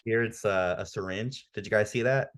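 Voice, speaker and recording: A fairly low-pitched male voice, relaxed and conversational. He co-hosts a podcast and walks through a story's events with eager, filler-heavy chatter. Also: normal speed. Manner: enthusiastic, frequent "like" fillers. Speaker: podcast co-host. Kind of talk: casual recap and review.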